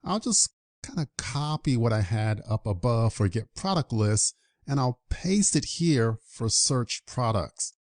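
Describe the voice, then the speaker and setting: A man's voice: mid-range voice, expressive, unhurried, no echo. A man teaching programming in a screen-recorded coding tutorial, upbeat and walking through each step aloud. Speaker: programming instructor.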